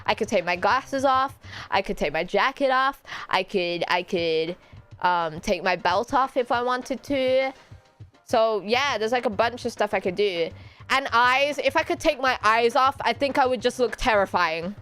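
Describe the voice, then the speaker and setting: A woman's voice: lively intonation, unhurried, a bit bright, faint music behind. A British woman streaming as a VTuber, chatting casually and playfully, laughing and teasing her viewers. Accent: British English. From Britain. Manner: playful, giggly, teasing, often bursting into high squeals. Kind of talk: casual chat.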